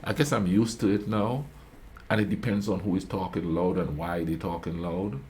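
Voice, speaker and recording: In this reaction video, a man tells loose, rambling stories in an easygoing way, often checking "you know what I mean?" His voice is low and his pace moderate, with slight background noise. He claims to be a quiet talker, keeping things to casual storytelling commentary.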